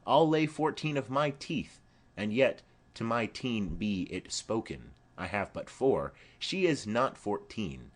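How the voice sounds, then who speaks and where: Man reading an old woman nurse, rambling, lively swooping pitch, unhurried, audiobook play reading. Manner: rambling, digressive storytelling. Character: chattering elderly woman nurse, rambling and fond.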